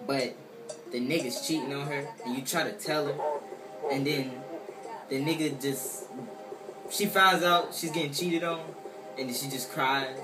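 A man's voice: medium pitch, steady tone, a little slow, pauses often, far from the mic. Man, profane comedic rant, mocking, exasperated, roomy echo, music behind. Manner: exasperated, mocking, loud swearing outbursts. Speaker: comedic commentator.

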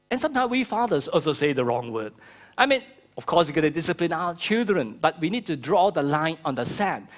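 A middle-aged male pastor preaching a sermon with a fairly high voice. He talks in an animated way and acts out the voices of the people he quotes. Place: church hall.

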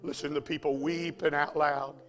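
A man preaching a fiery revival sermon in a church, swinging from hushed storytelling to shouting. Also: a little high, little pitch movement, moderate pace, soft background music.

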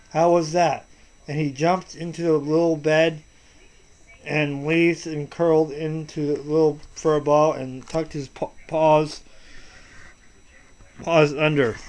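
A man with a slightly high voice reads a picture book aloud to his child. He sounds soft and patient, often stopping and restarting words.

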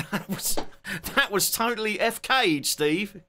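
Bright-voiced London guitarist in his forties. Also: high-pitched, a little hiss or hum. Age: 40s. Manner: joking, chatty, self-deprecating. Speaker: guitarist streamer. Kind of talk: casual live-stream chat.

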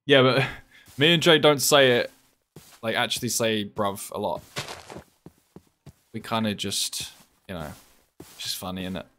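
A man's voice: on the low side, unhurried, long pauses, noisy background. A young man with an English accent, chatting casually with his live-stream viewers while he plays, reading out chat and swearing offhandedly. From England. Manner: laid-back, chatty, swears casually, reads chat aloud.

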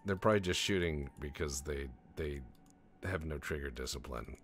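A man's voice: rumbling low, moderate pace, fairly bright tone. A man giving casual let's-play commentary, rambling and joking with frequent profanity. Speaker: gaming channel host.

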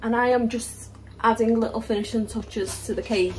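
A woman's voice: a little high, fairly even intonation, normal speed. A woman chatting casually through her cooking prep in a home kitchen, matter-of-fact and full of fillers. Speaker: family vlogger. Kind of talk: casual vlog narration while cooking.

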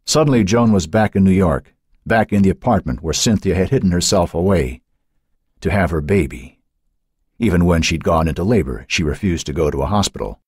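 A man reads a dark novel aloud in a deep, husky voice with a lot of rise and fall in his pitch. His delivery is intense and expressive, recorded close and dry with no room sound. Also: a little fast, dry recording. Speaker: audiobook narrator. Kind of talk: dramatic audiobook narration.

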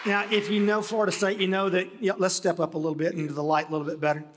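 A pastor interviewing a guest on a church stage, asking questions in an encouraging, conversational way. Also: male voice, high-pitched, level tone, very fast, a bit bright, a faint crowd, a little hiss or hum.

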